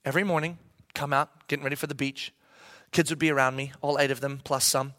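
Bright-voiced man in his thirties preaching. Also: medium pitch, fast talker, dry recording. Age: 30s. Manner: animated, acts out voices of his kids. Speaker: pastor. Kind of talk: sermon with storytelling.

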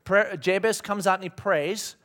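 A male preacher with a slightly high voice gives a relaxed, conversational sermon. He jokes with his listeners, laughs easily, and slips into little voices when he tells a story. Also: moderate pace. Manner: conversational and joking, laughs often, acts out voices. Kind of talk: casual sermon.

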